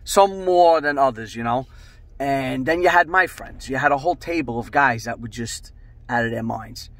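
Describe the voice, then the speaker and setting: A middle-aged man and show host telling a rambling, profane story in a casual, animated way. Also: medium pitch, normal speed.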